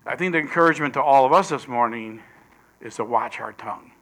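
A man preaching a sermon, swinging between loud emphasis and hushed whispers. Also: medium pitch, fast.

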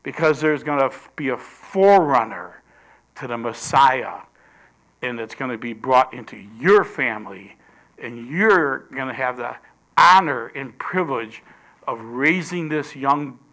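A man preaching a sermon, swinging between loud emphasis and hushed whispers. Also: medium pitch, animated, measured pace.

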